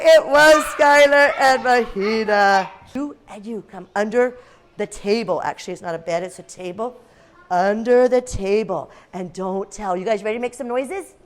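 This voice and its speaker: A woman teacher reading aloud and leading games in a classroom, lively and expressive with playful gasps. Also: fairly high pitch, normal speed.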